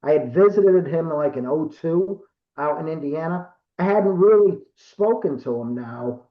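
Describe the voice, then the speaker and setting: A man's voice: fairly high pitch, lively intonation, unhurried. A man in his fifties from Rhode Island, telling stories as a guest in a casual, rambling way with lots of fillers and self-corrections. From Rhode Island, USA. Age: 50s. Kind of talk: casual storytelling. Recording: roomy, dull lo-fi call audio.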